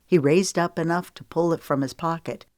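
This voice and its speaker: Low-voiced woman narrating an audiobook. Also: no echo, clean studio sound. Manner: even, measured storytelling.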